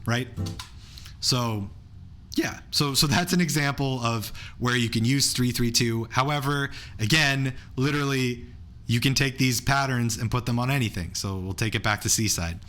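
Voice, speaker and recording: A man's voice: mid-range voice, normal speed, a bit bright. A man running an online beatboxing workshop, counting out rhythms and talking through patterns in a loose, enthusiastic way. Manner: counts beats aloud and breaks into beatbox sounds; enthusiastic, loose, restarts often. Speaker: beatboxing instructor.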